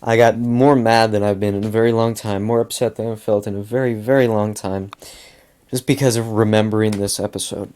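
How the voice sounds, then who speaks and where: A man's voice: fairly low pitch, flat delivery, fairly quick, darkish tone. A young man venting in a casual monologue, rambling, repeating himself and swearing a lot. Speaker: vlogger.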